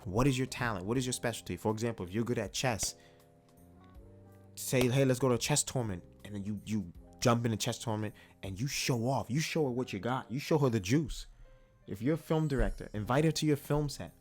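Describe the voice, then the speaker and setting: A man hosting his own vlog, telling a personal story in a chatty, animated way and acting out the voices of the people in it. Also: medium pitch, brisk, soft background music. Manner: animated, chatty, acts out quotes. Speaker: vlog host. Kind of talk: casual storytelling monologue.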